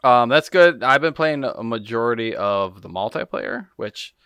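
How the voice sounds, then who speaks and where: A man's voice: medium pitch, lively intonation, normal speed, a bit bright, clear, resonant tone, dry recording. A man co-hosting a podcast, rambling and ranting in casual chat. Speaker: podcast co-host.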